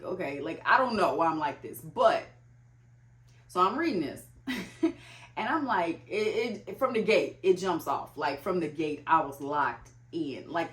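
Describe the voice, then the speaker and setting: A young woman chatting casually about books as a vlogger, talking loosely with lots of "like" fillers. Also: sits low. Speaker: book vlogger. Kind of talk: casual chat. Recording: echoey room.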